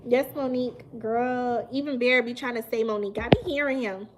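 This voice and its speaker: A woman, chatting casually with viewers on a live stream, animated and emphatic and laughing often. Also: on the high side, a little fast, noisy background. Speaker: mukbang livestream host.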